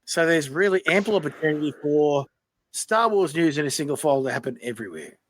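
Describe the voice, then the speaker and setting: An Australian man co-hosting a podcast in casual chat, a lively storyteller who laughs often. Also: on the high side, fast. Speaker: podcast co-host.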